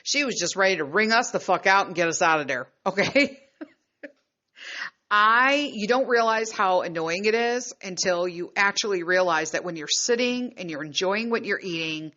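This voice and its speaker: A woman podcaster from the United States telling a travel story in a blunt, profane, animated way. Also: medium pitch, normal speed, highs cut off. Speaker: podcast host. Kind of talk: casual storytelling monologue.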